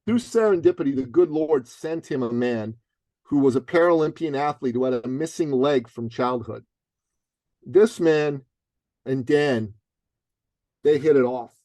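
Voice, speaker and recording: Lively storytelling man, dry close sound. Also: mid-range voice, a little slow, pauses often, no room sound. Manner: lively, punchy, acts out other people's voices. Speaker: author and business coach, guest. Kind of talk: animated storytelling in an interview.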